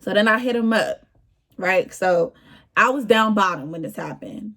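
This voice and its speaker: Young woman vlogger, slangy exasperated storytime, mid pitch. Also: normal speed, creaky, fairly bright tone. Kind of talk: casual storytime.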